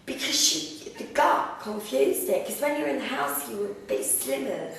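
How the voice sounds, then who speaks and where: A woman's voice: sits high, sing-song, normal speed, creaky, a crowd in the background. A woman on a reality show, bantering and teasing her housemates late at night, laughing as she mock-scolds. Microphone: worn radio mic. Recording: echoey room, far from mic.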